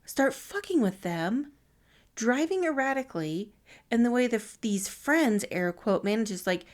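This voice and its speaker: A woman's voice: on the high side, animated, measured pace. Chatty skeptical woman podcast co-host. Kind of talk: casual chat.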